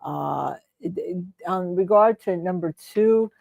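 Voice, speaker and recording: Rambling woman co-host with a gravelly voice. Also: on the low side, unhurried, dry recording, phone-quality sound. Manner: rambling, heavy on fillers and restarts. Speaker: co-host and trial lawyer. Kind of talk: casual chat.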